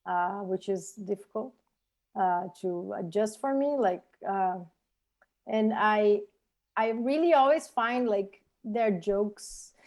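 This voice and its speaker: A woman's voice: mid-range voice, slow, darkish tone. A woman from Brazil, a native Portuguese speaker with a Brazilian accent, chatting as a podcast guest in a thoughtful, hesitant way as she searches for words. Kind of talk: casual chat.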